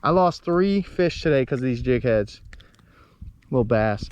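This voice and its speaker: A man's voice: medium pitch, animated, a little slow, a little mellow, a little hiss or hum. A man, vlogging while fishing from a boat in a marsh, rambling and frustrated as he talks to viewers. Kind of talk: casual outdoor fishing vlog.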